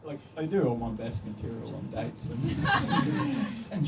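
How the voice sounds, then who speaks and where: A man's voice: medium pitch, huge pitch swings, measured pace, gravelly. An Australian man with an Australian accent performing a stand-up comedy set in a dry, self-deprecating way. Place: comedy club stage. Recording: distant club recording with room noise.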